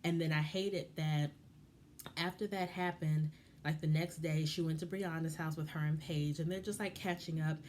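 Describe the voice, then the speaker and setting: A woman's voice: low voice, steady tone, moderate pace, a little mellow, a little hiss or hum. A woman vlogger giving casual, impassioned and frustrated commentary on a reality show.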